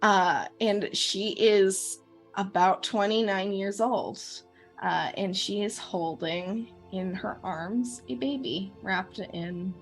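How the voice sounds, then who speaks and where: A woman's voice: medium pitch, slow, faint music behind. A woman narrating a tabletop game as game master, with many hesitations and ums.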